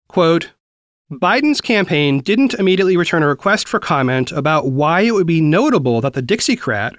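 Lively news podcast host, man. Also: fairly high pitch, dry recording, clean studio sound. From US South. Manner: conversational, reads quotes then explains them. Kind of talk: reading and commenting on news.

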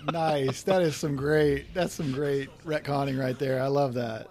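A man in a podcast commentary, chatting loosely with a middle-pitched voice. He laughs often and trails into restarts as he reacts to what's on screen. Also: steady tone, unhurried, a little mellow. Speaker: podcast host. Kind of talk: casual episode commentary.

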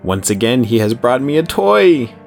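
A man voicing a creepy, demon-possessed man who speaks in a teasing, drawn-out sing-song. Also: mid-range voice, sing-song, faint music behind, voice pushed up. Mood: gleeful menace.

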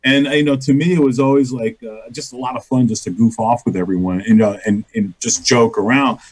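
A man's voice: mid-range voice, steady tone, brisk, poor audio. A middle-aged man, a comedian guest, telling rambling stories in a casual interview, laughing often and acting out quotes.

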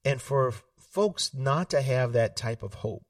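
A man, telling stories in an animated way, laughing often and acting out family voices. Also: mid-range voice, a little slow, dry recording, recorded from a distance. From South Carolina. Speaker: political candidate, guest. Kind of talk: casual storytelling interview. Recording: dry sound, set back from the mic.

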